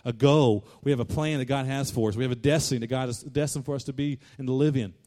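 Male pastor, mid-pitched, fervent sermon delivery that repeats lines and swells into loud declarations. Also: steady tone, fast talker.

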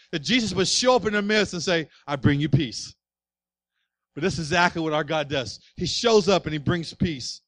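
A male pastor delivering a sermon, emphatic, swinging between loud urging and quiet, slow passages. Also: high voice, no room sound.

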